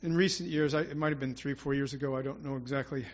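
A man's voice: medium pitch, steady tone, quick pace, lo-fi sound. A man preaching an informal, rambling sermon to his congregation, with prayerful asides and restarts. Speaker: church speaker.

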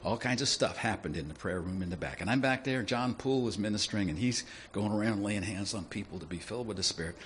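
A man preaching a sermon in a lively, conversational way, often asking his listeners questions. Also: fairly low pitch, quick pace, hardly any pauses, a little hiss or hum. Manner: animated, conversational, asks the audience questions.

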